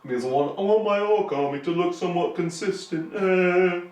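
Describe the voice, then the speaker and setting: A man's voice: high voice, normal speed, a little mellow, roomy sound, distant mic, low-quality recording. A man in his thirties hosting a hobby show, talking in a sarcastic, rambling way and cracking jokes. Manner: sarcastic, rambling with jokey put-on voices. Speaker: show host. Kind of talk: casual hobby chat.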